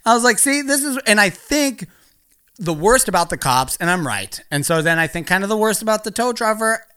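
A male comedian spins a long, rambling story, swearing freely and breaking into laughter mid-sentence. His voice sits a little high and sounds bright and edgy. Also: expressive, moderate pace, smooth. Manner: profane, rambling, laughs through lines. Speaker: stand-up comedian.

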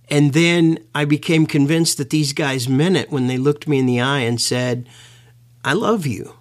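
A man giving an earnest educational talk, slowing down to stress his key words. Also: on the high side. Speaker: lecturer.

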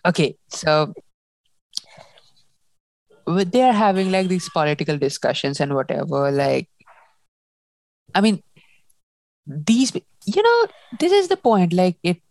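A young woman in casual book chat, animated and laughing often as she acts out lines. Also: deep voice, a little slow, pauses often, no echo. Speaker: book discussion host.

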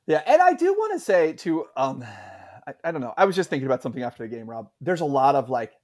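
A man's voice: on the high side, sing-song, fast talker, a little mellow. A man co-hosting a casual sports talk show, rambling with many fillers and restarts. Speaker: podcast co-host.

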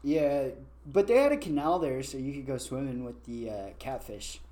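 A man's voice: mid-range voice, sing-song, moderate pace, warm tone. A young man chatting casually with a friend, laid-back and teasing. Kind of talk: casual chat.

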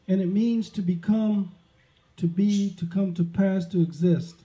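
A man's voice: sits high, fairly even intonation, a little slow. A man preaching a sermon, emphatic and peppering his words with amens and praise. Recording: dull lo-fi sound.

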